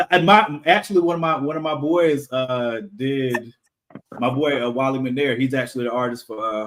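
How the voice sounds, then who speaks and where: A man from the United States talking casually as a podcast guest, halting with fillers and laughing often. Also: medium pitch. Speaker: podcast guest, comic creator. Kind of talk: casual interview conversation.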